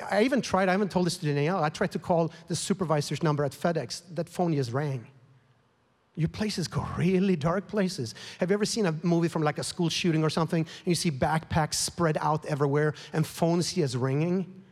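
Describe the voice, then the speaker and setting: A man preaching a sermon as a pastor, telling a story with rising emotion and growing heat. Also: fairly high pitch. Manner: emotional, grows louder and more heated, whispers at times. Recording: long hall reverb.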